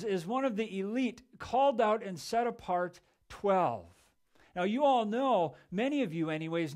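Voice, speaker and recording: Man pastor, slightly higher voice, chatty sermon delivery with restarts. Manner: conversational, storytelling with repeated restarts. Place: church sanctuary.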